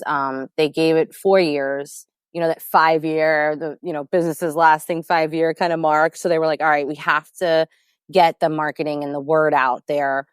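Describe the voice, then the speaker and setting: Her voice is deep, clear and resonant, recorded at studio quality with no room sound. She's a company executive from Queens, New York City, chatting as a guest in a casual video-call interview and telling stories in a lively, chatty way full of fillers.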